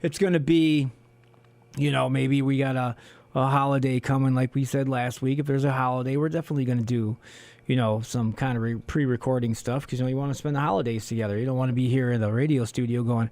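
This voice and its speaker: A man co-hosting a community radio show in casual solo talk, hoarse from losing his voice, rambling with many fillers, in a small studio on a studio microphone. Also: mid-range voice, fairly even intonation, fast, darkish tone, dry recording. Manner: rambling, heavy on "you know" fillers.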